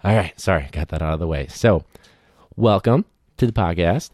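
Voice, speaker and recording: A man's voice: low-pitched, normal speed, darkish tone, dry recording, clean studio sound. A young man in his twenties, a teacher hosting a casual podcast chat, loose and chatty with lots of fillers. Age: 20s.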